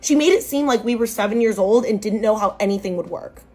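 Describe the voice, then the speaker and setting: A woman in her twenties telling a scripted storytime, sarcastic and exasperated, with sudden jumps in pitch. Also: expressive, fast, a little mellow, soft background music.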